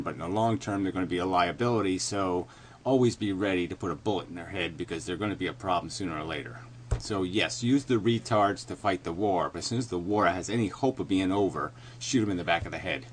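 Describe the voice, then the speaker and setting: A middle-aged man giving a heated, profane monologue as a video commentator, often swearing and growing louder as he goes. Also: husky. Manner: mocks others in a meek high voice. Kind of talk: ranting monologue.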